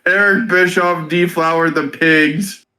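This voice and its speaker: A man's voice: a little high, fairly even intonation, slow pace, bright, forceful tone, poor audio. A man in casual chat, co-reviewing an old wrestling event with short teasing replies. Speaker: podcast co-host.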